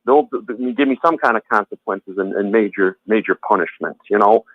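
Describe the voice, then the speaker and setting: A man's voice: fairly low pitch, a little fast, no room sound. A man, a former Jehovah's Witness, talking in a heated conversation, rambling and repeating himself with blunt, profane words. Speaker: former Jehovah's Witness sharing his story. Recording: tinny phone-line audio, dry.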